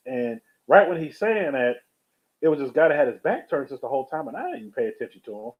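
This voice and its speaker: A man's voice: mid-range voice, very animated, fast talker. A man live-streaming, telling a rambling story in a casual, chatty way and greeting viewers from the chat. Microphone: webcam or USB streaming setup. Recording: tinny phone-like sound.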